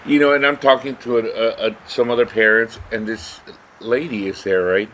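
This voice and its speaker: A man's voice: medium pitch, steady tone, normal speed, a bit bright. A middle-aged man co-hosting a podcast, telling a story in a casual rambling way, with many "right?" asides. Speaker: podcast co-host. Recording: faint background noise.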